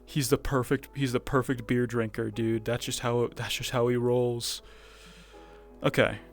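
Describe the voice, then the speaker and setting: A man's voice: mid-range voice, level tone, a little slow, soft background music. A man streaming a VR roleplay, chatting to his viewers in a loose, rambling way and laughing to himself. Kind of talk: casual VR roleplay stream chat.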